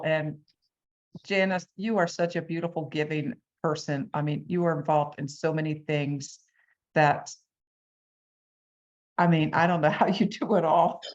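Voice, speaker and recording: A woman hosting a video call chat, effusive and quick to laugh. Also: low voice, dull audio. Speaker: host. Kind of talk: casual chat.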